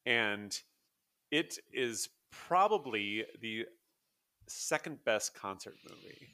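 A man co-hosting a podcast, talking in a relaxed, searching way with plenty of pauses and fillers. His pitch moves in a lively, animated way around a middle register. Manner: relaxed, hesitant, lots of uh fillers. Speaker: podcast co-host. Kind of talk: casual podcast chat.

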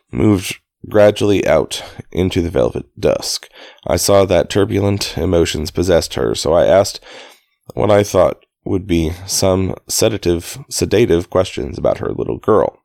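A man's voice: deep voice, vocal fry, a little mellow, no echo. A man reading a novel aloud in a dry, casual way, fixing slips and breaking off for chatty asides. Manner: dry, self-correcting, stops to comment on his own reading. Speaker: reader of a novel.

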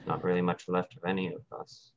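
A man's voice: sits low, level tone, a little fast. A man doing a gloomy fighter with a slipping Australian accent. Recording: muffled call audio with faint noise.

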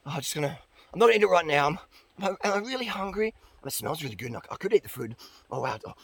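A man mimicking a hesitant, hungry dieter in a hushed, breathy voice. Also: on the high side, lively intonation, rapid-fire, dry recording, full character voice. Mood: dreamy.

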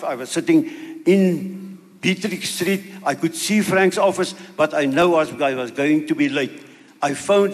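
An older man with a South African accent giving an earnest, halting personal testimony as a sermon, often repeating words. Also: on the high side. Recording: long reverb of a hall.

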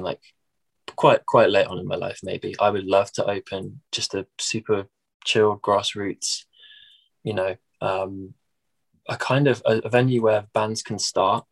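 Young man, English Midlands accent, husky, casual interview chatter, rambling with fillers. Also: fairly low pitch. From England. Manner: chatty, many fillers and restarts. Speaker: musician.

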